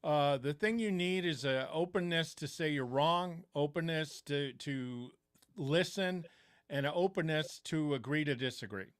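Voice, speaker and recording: A man's voice: a little high, unhurried, smooth. A man hosting a casual interview, affable and chatty. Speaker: host, lawyer.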